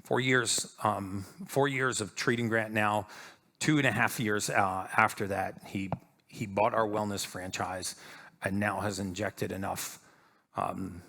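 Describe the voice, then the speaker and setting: A man on stage telling a story in a lively way, acting out the voices of the people in it. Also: fairly low pitch, unhurried, gravelly. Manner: animated storyteller acting out quotes. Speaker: speaker. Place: stage before an audience.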